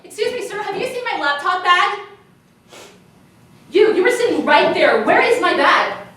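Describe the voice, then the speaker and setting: A woman's voice: extremely high pitch, animated, quick pace, pushed and bright, pitched above the performer's own voice, full character voice. A woman playing a self-absorbed, ditzy young American tourist on a live comedy stage, bubbly and giggly with lots of filler talk. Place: cabaret piano bar stage. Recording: echoey room from far off.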